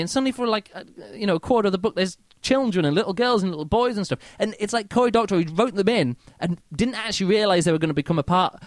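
A man's voice: on the high side, fast, few pauses, dry recording, clean studio sound. A man giving a casual spoken book review, rambling and chatty, full of fillers and mock-quoted reactions.

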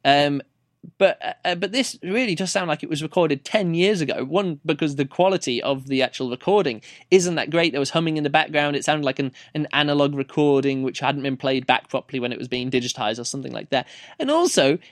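A man chats through a book review on his podcast with no script. His voice sits a little high and sounds dry and close. He wanders, backtracks mid-sentence and laughs at his own tongue-slips. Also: expressive, a little fast, no echo. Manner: off-the-cuff, rambling, restarts and self-corrections. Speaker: podcast host reviewing books.

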